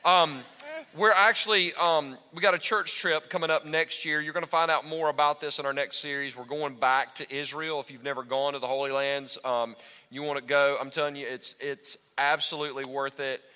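A man in his thirties preaching a sermon to his congregation on a church stage, animated and talking straight to the crowd. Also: on the high side, normal speed, clear, resonant tone. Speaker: pastor. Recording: echoey hall with long reverb.

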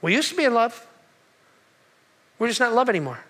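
A pastor playing an exasperated spouse. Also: male voice, very high voice, sing-song, fairly quick, a bit bright, exaggerated voice. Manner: pleading, exasperated. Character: frustrated married person seeking counsel. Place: church.

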